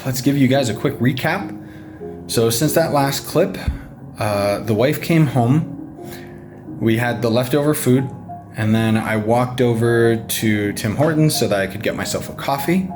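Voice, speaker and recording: A young man, a new father, talking frankly on a casual home vlog, stressed and swearing freely. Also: lowish voice. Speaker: vlogger, father of a baby.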